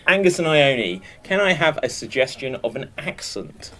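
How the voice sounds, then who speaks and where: A man hosting improv games, laughing and throwing in quick apologetic asides. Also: on the high side, very animated, fairly bright tone. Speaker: improv show host.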